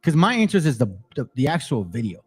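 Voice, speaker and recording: A man's voice: fairly high pitch, very animated, fast, a little mellow, slight background noise. Heated, profane man ranting. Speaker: channel host. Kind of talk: angry commentary over played videos.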